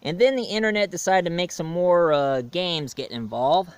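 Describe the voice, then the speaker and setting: A man's voice: high voice, moderate pace, clean tone. A man from the United States chatting in a rambling way through a casual video review, laughing at his own jokes.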